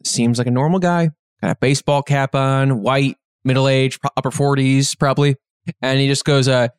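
A man's voice: mid-range voice, moderate pace, clean tone, no echo, studio quality. A man telling a long, rambling anecdote as a podcast guest, full of fillers and restarts. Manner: rambling, filler-heavy, animated retelling. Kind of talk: casual storytelling.

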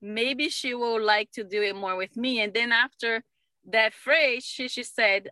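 A middle-aged woman, a mother, telling stories in a casual conversation, animated and laughing often. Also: a little high, a little slow, dry recording. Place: lives in Utah.

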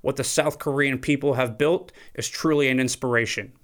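Speaking at a normal speed in a mid-range voice, this man hosts a podcast and delivers a casual, jokey rant. He's animated and profane, swearing liberally as he gets riled up.

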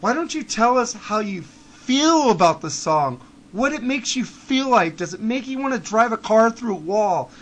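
A man hosting a podcast, delivering a blunt, profane rant that swings from low muttering to shouting. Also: animated, normal speed, hardly any pauses. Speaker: podcast host. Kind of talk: ranting monologue.

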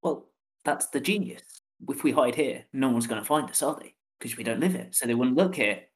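Female player, extremely deep voice, dry, even delivery. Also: fairly quick. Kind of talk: casual tabletop play.

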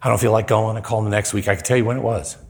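A man's voice: on the low side, steady tone, very fast. A middle-aged man preaching a storytelling sermon in a conversational way, acting out the voices in his story.

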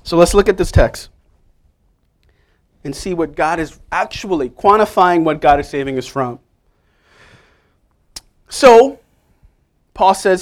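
Guy preaching a sermon, gets loud then drops quiet, kinda high pitched. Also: lively intonation, measured pace, pauses often. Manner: swings from quiet to loud, emphatic and playful. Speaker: pastor.

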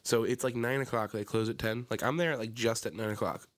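His voice is mid-range and fast, carrying a Philadelphia-area American accent. As a young podcast co-host in casual conversation, he tells stories with lots of animation and swearing, shouting out the quoted lines.

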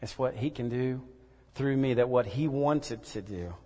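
A man preaching a sermon and telling a personal story, earnest and halting, often repeating words. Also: mid-range voice, mellow. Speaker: pastor. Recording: echoey hall reverb.

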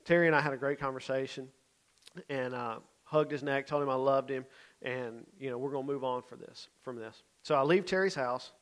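A man's voice: medium pitch, brisk, fairly bright tone. A man, a youth pastor telling a story in a sermon, conversational and often checking in with his listeners.

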